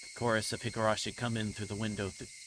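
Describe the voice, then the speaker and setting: A man's voice: on the low side, level tone, fast talker, noisy background, close to an everyday voice. A man reading as a delirious, guilt-ridden young girl. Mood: dazed. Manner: repetitive, anguished, occasional stumbles over words. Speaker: streamer reading a visual novel aloud. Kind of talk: dramatic reading of game text.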